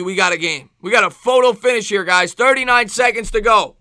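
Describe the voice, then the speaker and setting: A man with a New York accent streaming live play-by-play football commentary, excitable, with rhyming calls and thanks to chat viewers. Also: high-pitched, a little fast, no echo, clean studio sound. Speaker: sports streamer.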